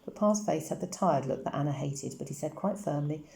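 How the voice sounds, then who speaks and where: A woman reading a novel aloud in a steady, even storytelling manner. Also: deep voice, fairly quick, creaky, hardly any pauses. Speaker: audiobook reader. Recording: roomy echo.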